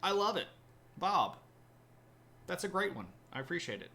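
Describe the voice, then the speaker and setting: A man's voice: high-pitched, sing-song, moderate pace, creaky, pushed and bright, a little hiss or hum. A man hosting a live history stream, chatting casually with viewers, full of fillers and restarts. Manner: rambling, many fillers and restarts, laughs at own jokes. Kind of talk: casual chat reading viewer comments.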